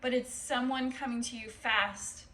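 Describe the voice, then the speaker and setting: Slow-talking woman reading tarot cards. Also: a little high, echoey room, recorded from a distance, slight background noise, low-quality recording. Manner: rambling, animated, swears and laughs. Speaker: tarot reader.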